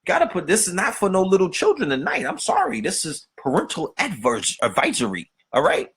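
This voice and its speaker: A man's voice: high-pitched, wildly swooping pitch, fairly quick, fairly bright tone, slightly rough. A man hosting a podcast, delivering a profane, streetwise rant full of rhetorical questions. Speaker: podcast host. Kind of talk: unscripted monologue.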